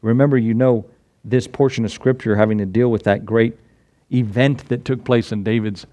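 A man preaching a sermon in a relaxed, conversational way, talking straight to the people in front of him. He acts out the voices of the people in his stories as he goes. His voice sits at an ordinary middle pitch, and the recording is dry and close, with no room echo. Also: moderate pace. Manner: conversational, retells stories with lively acted quotes; talks directly to listeners.

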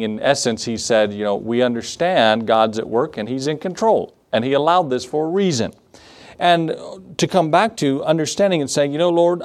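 A middle-aged male pastor preaching a sermon in a conversational, storytelling way, with fillers and asides. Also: medium pitch.

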